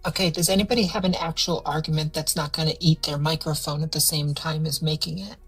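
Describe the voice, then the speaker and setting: A woman's voice: low-pitched, steady tone, quick pace, slightly rough, faint music behind. A woman on a debate stream panel, critical and explaining her points. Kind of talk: casual discussion.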